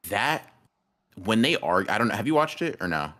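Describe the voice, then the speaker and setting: A man's voice: on the low side, bright, forceful tone. A young man co-hosting a casual podcast, slangy and laughing, saying "bro" constantly. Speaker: podcast co-host. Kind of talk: casual chat.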